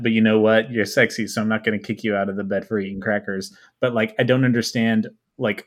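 Wisecracking man co-host. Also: lowish voice. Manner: dry, wisecracking. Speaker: podcast co-host. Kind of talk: casual comedic chat.

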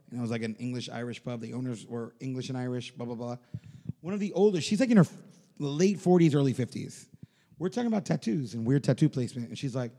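A man hosting a podcast, telling profane stories in casual chat, animated and laughing as he goes. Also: medium pitch. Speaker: podcast host. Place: studio. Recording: long hall reverb.

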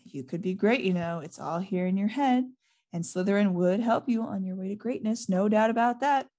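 The wise old talking hat of a storybook, as a woman reads it aloud speaks in a quiet, musing way and teases gently. It weighs each choice slowly, in a voice of middling pitch. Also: natural voice. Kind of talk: reading a novel aloud.

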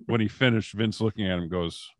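Low-voiced man telling backstage stories. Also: brisk, dry recording, clean studio sound. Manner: animated anecdotes, frequent fillers. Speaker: comedian guest, former wrestling writer. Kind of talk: casual storytelling on a podcast.

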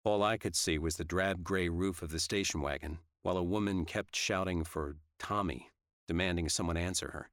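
Man, low voice, first-person audiobook narration, steady, dry recording. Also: normal speed, dry recording.

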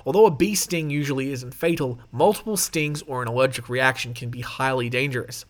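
A man's voice: mid-range voice, brisk. A man hosting a casual podcast, reading notes aloud with off-the-cuff asides, swearing and laughing as he goes. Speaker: podcast host.

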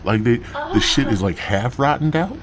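A man's voice: medium pitch, expressive, normal speed, crowd noise. A man hosting a podcast, rambling through a crude, profane comic story in a stoned drawl. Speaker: podcast host.

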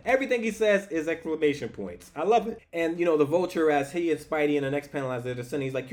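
A man reviewing a comic book in a casual, enthusiastic and animated way. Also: a little high, fast, hardly any pauses. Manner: animated and enthusiastic, with frequent restarts. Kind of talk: casual commentary.

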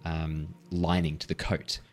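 Deep voiced dm guy, lots of ums, faint music behind. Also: level tone, a little slow. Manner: rambling, restarts and ums while describing. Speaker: dungeon master. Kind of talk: narrating a tabletop game.

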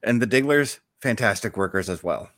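A man's voice: fairly low pitch, animated, a little fast, fairly bright tone, no room sound, studio quality. A man co-hosting a wrestling podcast, telling stories casually with some laughter. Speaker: podcast co-host, wrestling commentator. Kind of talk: casual chat.

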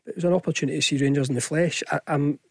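A man's voice: on the high side, steady tone, racing, a little mellow, no room sound, studio quality. A Scottish man giving casual football punditry on radio, chatty and hesitant with frequent restarts. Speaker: football pundit, former player. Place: radio studio. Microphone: studio microphone.

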